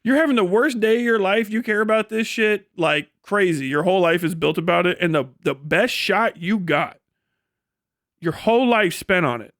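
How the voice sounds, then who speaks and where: Young male streamer with a high voice and dry close-mic sound, rambling and sarcastic, heavy swearing. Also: normal speed, a bit bright, no echo. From United States. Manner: profane, rambling, sarcastic, laughing scornfully. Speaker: live streamer. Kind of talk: casual rant on a livestream.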